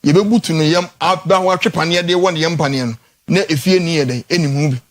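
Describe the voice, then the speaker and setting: A Ghanaian man hosting a morning talk show, debating animatedly and repeating words as his pitch jumps. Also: fast talker. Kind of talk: animated studio debate in Twi and English.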